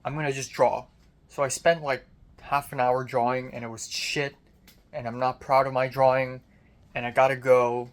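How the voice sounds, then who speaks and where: Young man, college vlogger, video diary, deep strained voice after screaming, frustrated, self-critical, swears a lot. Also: little pitch movement, moderate pace. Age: young adult.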